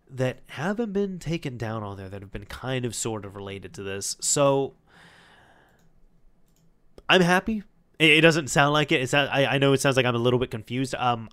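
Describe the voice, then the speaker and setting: Casual male vlogger, average pitch, loose, rambling delivery. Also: a bit bright. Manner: rambling, many fillers and restarts. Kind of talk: casual monologue to camera.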